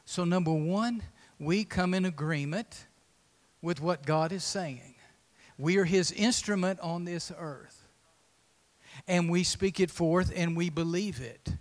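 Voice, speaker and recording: Brief: earnest male pastor, slightly high, reverberant sanctuary. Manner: earnest exhortation, quick with slow emphatic repeats. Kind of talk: sermon. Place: church sanctuary.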